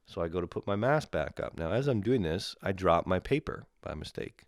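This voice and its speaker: A man's voice: sits low, animated, brisk, no room sound, studio quality. A young man from Canada ranting casually and profanely, exasperated and mocking the people he describes. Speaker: comedian ranting solo. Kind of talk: casual comedic rant.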